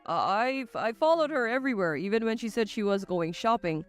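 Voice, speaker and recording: A woman's voice: on the high side, expressive, brisk, clean tone, faint music behind, natural voice. A woman voicing a stammering, guilt-stricken retired father in a storybook drama. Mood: flustered. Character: remorseful retired father, older man.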